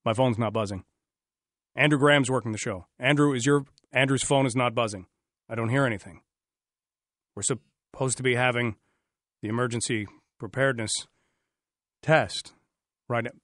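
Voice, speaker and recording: A man's voice: medium pitch, normal speed, pauses often, a bit bright, no echo, clean studio sound. A man from Canada hosting a radio talk show, chatty and sarcastic, sometimes joking in mock voices.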